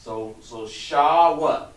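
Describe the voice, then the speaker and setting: A man's voice: a little high, drawn-out words. A man teaching a class, patiently coaxing students and trailing off as he writes on the board. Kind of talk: classroom instruction. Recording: roomy, distant mic with background noise.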